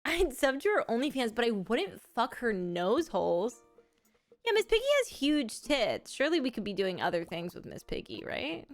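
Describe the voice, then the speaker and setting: A woman's voice: a little high, sing-song, moderate pace, soft background music. A woman chatting casually on a live game stream, giggling often and making crude jokes. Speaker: livestream gamer.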